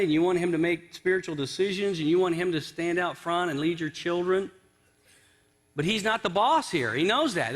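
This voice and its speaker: A man's voice: fairly high pitch, fairly bright tone. A male pastor giving a conversational sermon in a church, telling a story and acting out its quotes. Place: church sanctuary.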